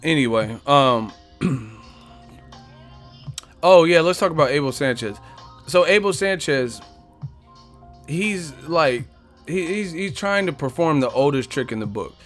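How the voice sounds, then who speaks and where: A man's voice: on the high side, animated, a little slow, pauses often, fairly bright tone, soft background music. A man hosting a boxing live stream in a casual, profane, joking way, reading viewer comments aloud and trash-talking back at them.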